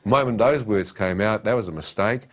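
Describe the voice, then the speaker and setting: A man's voice: lowish voice, fairly quick. A man giving a personal testimony, telling his story dramatically and acting out the dialogue and his own thoughts.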